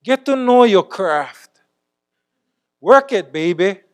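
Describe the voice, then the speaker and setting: A man preaching a sermon as a church elder, talking emphatically and swinging between loud exclamations and quiet asides. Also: high-pitched, expressive, slow pace.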